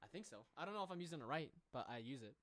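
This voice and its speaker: A man in his twenties chats casually on a livestream, reading viewer comments in a rambling, easygoing way and laughing at himself. His voice is a little high and a bit bright, with big pitch swings and a rapid-fire pace. He uses a desk microphone and headset, and the recording is dry.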